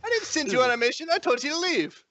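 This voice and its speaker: A man's voice: very high voice, big pitch swings, fast talker, sharp tone, voice pushed up, full character voice. A man voicing a furious young goblin woman who shrieks and sobs in tearful, hysterical bursts.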